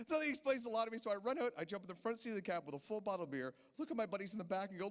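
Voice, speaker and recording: High-voiced stand-up comic. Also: male voice, rapid-fire, in a large hall. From Canada. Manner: chatty storytelling, acts out quoted voices. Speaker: stand-up comedian. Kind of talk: stand-up comedy set. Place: casino stage.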